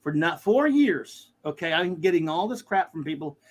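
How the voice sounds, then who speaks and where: A man's voice: on the high side, animated, normal speed. A man hosting a casual pop-culture chat, ranting animatedly and mocking other people's voices. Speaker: podcast host.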